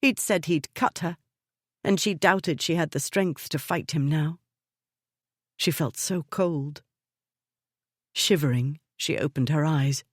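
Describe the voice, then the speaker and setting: Measured woman reading a romance novel. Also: low-pitched, dry recording, studio quality. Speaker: audiobook narrator. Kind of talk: scripted narration of a romance novel.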